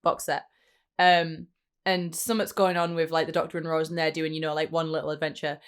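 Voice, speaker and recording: Chatty woman, low voice. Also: flat delivery, fairly quick, clean tone. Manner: chatty, many "like" fillers, quotes scenes in little voices. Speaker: podcast co-host. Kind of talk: casual chat.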